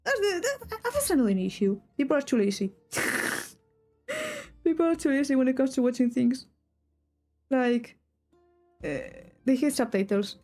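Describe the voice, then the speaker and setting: A woman's voice: high voice, very animated, a little slow, pauses often, darkish tone, faint music behind. Rambling Spanish-accented woman streamer. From Spain. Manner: rambling, self-interrupting, giggly asides. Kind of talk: casual chat while drawing on stream.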